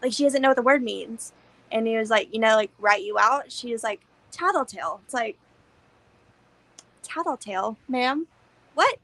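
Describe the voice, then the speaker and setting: A woman's voice: on the high side, fairly quick, creaky, fairly bright tone, no room sound, low-quality recording. A young woman co-hosting a podcast, chatting casually about a movie, swearing freely and acting out scenes. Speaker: podcast co-host.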